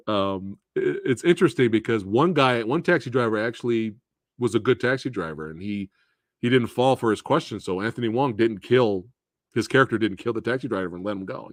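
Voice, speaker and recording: A man hosting a casual live film review, animated, profane and laughing often. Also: fairly low pitch, dry recording, clean studio sound. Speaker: movie reviewer and host.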